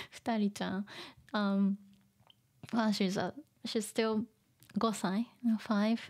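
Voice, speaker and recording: A woman teaching vocabulary through a manga, explaining slowly, repeating words and laughing often. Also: mid-range voice, sing-song. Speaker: Japanese teacher. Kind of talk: manga reading lesson.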